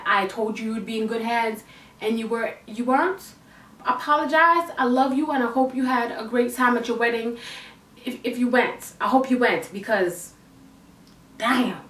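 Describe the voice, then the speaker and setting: A young woman telling a storytime vlog in a blunt, animated, profane way. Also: on the high side. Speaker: vlogger. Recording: echoey room, mic at a distance.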